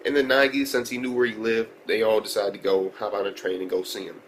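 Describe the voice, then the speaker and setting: A man's voice: on the low side, quick pace, few pauses, slight background noise, poor audio. Profane, slangy male anime reviewer. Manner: profane, slangy, rambling, excitable. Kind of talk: casual video review.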